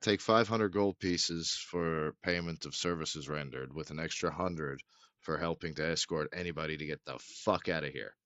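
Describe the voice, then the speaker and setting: A man's voice: a bass voice, normal speed, a bit bright, dry recording. A man narrating as game master in a loose, swearing, laugh-prone way, recorded on a dull lo-fi mic.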